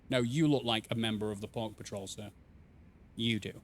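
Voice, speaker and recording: A man's voice: fairly low pitch, steady tone, normal speed, a little hiss or hum. A man casually commenting while streaming a game, playful and rambling, reading chat aloud.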